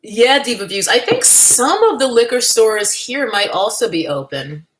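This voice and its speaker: A young woman hosts a relaxed livestream from her California home, her slightly high voice very animated yet measured in pace. Chatty and wry, she laughs a lot and greets viewers by name.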